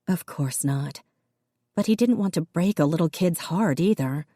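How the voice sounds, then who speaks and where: A woman narrating an audiobook with a low, mellow voice. She tells the story steadily and shifts into voices for the characters. The recording is dry and close. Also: expressive, normal speed, no room sound.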